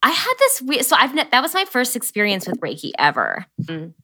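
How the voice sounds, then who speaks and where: Bright, candid woman co-host. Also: on the high side, wildly swooping pitch, a little fast. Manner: candid, self-conscious storytelling. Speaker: podcast co-host. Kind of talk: casual podcast conversation.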